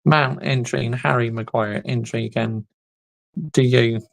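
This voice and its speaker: A man's voice: medium pitch, steady tone, moderate pace, gravelly, rough recording. A young man hosting a casual livestream, reading the live chat and ranting bluntly in an exasperated way. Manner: exasperated, blunt, repeats "honestly" and "mate".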